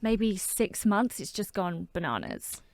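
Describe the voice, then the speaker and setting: A woman hosting a radio interview, chatty and bubbly. Her voice sits at an ordinary pitch, and the studio sound is dry and close. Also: sing-song, unhurried, vocal fry, a little mellow, dry recording. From Australia. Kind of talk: casual interview chat.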